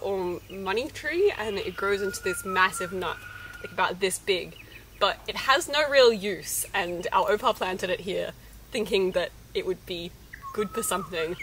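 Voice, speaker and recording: A woman's voice: mid-range voice, fairly bright tone, a little hiss or hum, rough recording. A young woman giving a chatty, enthusiastic vlog tour of her orchard outdoors. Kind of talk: casual vlog narration. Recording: background music under the voice.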